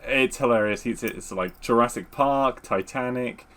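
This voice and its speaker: A man co-hosting a podcast, chatting in a relaxed way, laughing easily and swearing casually. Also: mid-range voice, measured pace. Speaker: podcast co-host. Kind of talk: casual chat.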